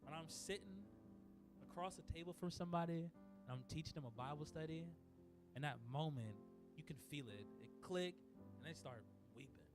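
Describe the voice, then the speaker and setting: A pastor preaching a casual sermon, telling stories in a chatty way and swinging between loud bursts and quiet asides. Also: male voice, a little high, lively intonation, moderate pace, music in the background. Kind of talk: conversational sermon. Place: church sanctuary.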